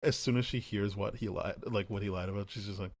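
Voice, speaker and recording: A young man talks casually with a low-pitched voice, recorded close and dry. He retells scenes with energy and slips into quick impressions of characters' lines. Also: dry recording. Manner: animated, acts out characters' lines in quick paraphrase. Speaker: podcast co-host. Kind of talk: casual chat.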